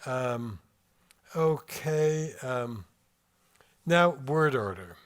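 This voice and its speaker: An older man lectures to a room of listeners, with an unhurried, deliberate delivery. He pauses often to weigh his words and reads passages aloud with careful attention to their cadence. His voice sits at an ordinary middle pitch. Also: animated. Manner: measured, reflective, pausing over word rhythm. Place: room with a live audience.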